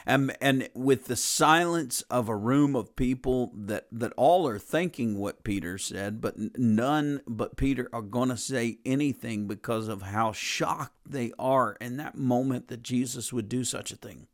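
A man's voice: medium pitch, measured pace, hardly any pauses. A man preaching a conversational sermon in an earnest, plain-spoken way, often repeating and restarting his phrases.

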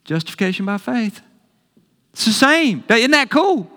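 A high-voiced male pastor preaching with bright, ringing energy and eager delight. His voice carries a long reverb, like a large sanctuary. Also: sing-song, unhurried. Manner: enthusiastic, exclaiming with delight. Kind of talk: sermon.

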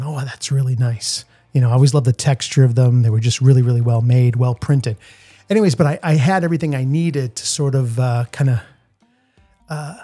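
Chatty Boston man, slightly high voice. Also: no echo. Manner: rambling, animated, with frequent fillers and restarts. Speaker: podcast host, street photographer. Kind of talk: casual storytelling monologue.

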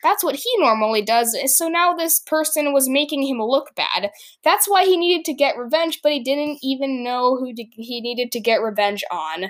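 A woman's voice: sits high, expressive, moderate pace, fairly bright tone. A woman reading her own story aloud, laughing and stopping to comment along the way. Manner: laughs often, stops to comment. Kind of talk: casual reading with chatty asides.

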